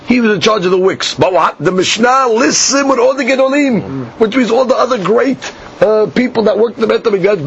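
A man teaching a Talmud class. He reads each line slowly and then explains it in plain English. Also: high voice, creaky. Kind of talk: Talmud class, reading and translating. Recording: dull lo-fi class recording with faint hiss.

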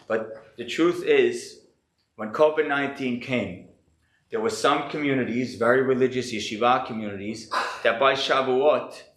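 Sick-voiced rabbi lecturing in an echoey room. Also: male voice, mid-range voice, a bit bright. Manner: earnest, reflective, thinking aloud. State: sick, slightly hoarse. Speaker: rabbi teaching a class. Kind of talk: earnest lecture.

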